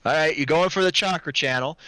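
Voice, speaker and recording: A man running a tabletop game as game master, casual and excitable, swearing freely. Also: fairly high pitch, quick pace.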